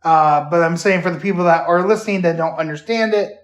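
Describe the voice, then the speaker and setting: A man hosting a casual podcast, retelling a show haltingly with many fillers and restarts. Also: a little high. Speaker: podcast host. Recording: roomy echo.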